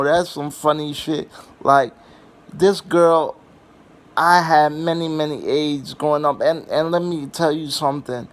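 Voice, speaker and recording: A young man spins loose comic stories in an unhurried drawl, circling back with fillers and restarts. His voice sits a little high for a man, and he swears without a second thought. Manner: rambling and profane, with many fillers and restarts. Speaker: vlogger. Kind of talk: casual comedic storytelling.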